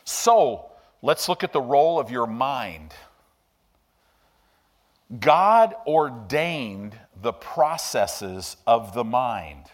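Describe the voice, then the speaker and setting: A man preaching a sermon as pastor, emotional and animated, speaking to a church congregation. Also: medium pitch, extremely slow. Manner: emotional, animated preaching with sudden loud rises. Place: church sanctuary.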